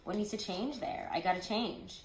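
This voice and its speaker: A woman's voice: medium pitch, moderate pace, echoey room, slight background noise. A woman giving a casual tarot reading, talking in a rambling, chatty way with lots of asides. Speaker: tarot reader.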